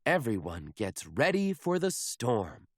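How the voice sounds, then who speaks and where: A man reading a children's picture book aloud in a slow, expressive storybook manner. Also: medium pitch, dry recording, studio quality.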